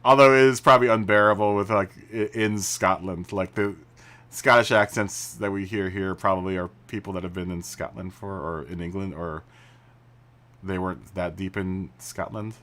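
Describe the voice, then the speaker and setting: A man's voice: low voice, fairly even intonation, moderate pace, a bit bright. A man live streaming a racing game, chatting casually with viewers, laughing often and restarting his sentences. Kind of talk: casual chat while gaming. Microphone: studio mic through mixer.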